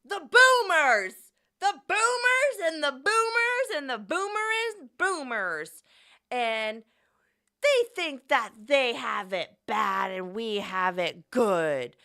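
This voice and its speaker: A woman doing a comic impression of a loud bigoted man ranting, with bellowed, drawn-out words. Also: on the high side, very animated, clear, resonant tone, exaggerated voice. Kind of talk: comedic impression on a stream.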